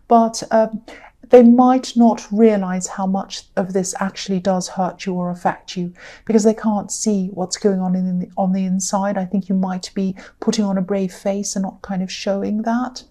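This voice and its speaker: Woman, tarot reader, mid-pitched mellow voice, earnest and rambling, reassuring, lots of fillers. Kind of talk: tarot reading monologue.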